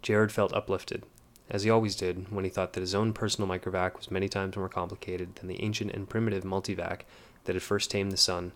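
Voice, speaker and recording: A male narrator reading an audiobook with measured, steady delivery. His voice sits very low and stays level with little rise or fall. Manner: measured, even.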